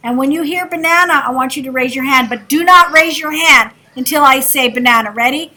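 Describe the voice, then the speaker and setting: High sing-song kindergarten teacher. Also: female voice, fairly quick, few pauses, bright, forceful tone. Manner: sing-song, encouraging, talks to small children. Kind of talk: classroom instruction. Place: classroom.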